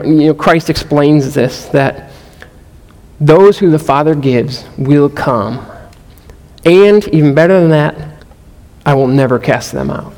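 This man, a pastor or Bible study leader, speaks in a fairly high, slightly mellow voice as he teaches a group a sermon verse by verse. He's earnest, repeating words frequently and asking his listeners questions. The recording carries the long reverb of a large room.

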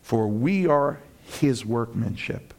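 At medium pitch and a slow pace, a male pastor gives an animated sermon. He acts out friends' voices, building to loud peaks.

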